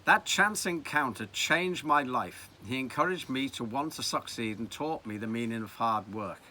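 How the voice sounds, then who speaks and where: A man in his seventies with a Liverpool accent, telling reminiscences in a wry, animated way. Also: medium pitch, moderate pace, a little hiss or hum. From Liverpool, England. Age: 70s. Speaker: storyteller. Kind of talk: reminiscing narration.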